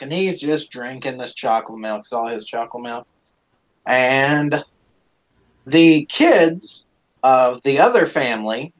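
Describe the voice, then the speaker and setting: A man's voice: medium pitch, a bit bright. A man hosting a live stream, casually telling a rambling, profane story with plenty of swearing, on a dull lo-fi recording.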